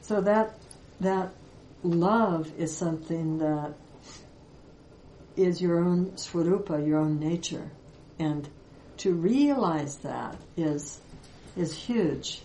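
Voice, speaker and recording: A woman spiritual teacher giving a reflective Vedanta talk, with many pauses and fillers. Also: on the low side, warm tone, roomy sound, a little hiss or hum, low-quality recording.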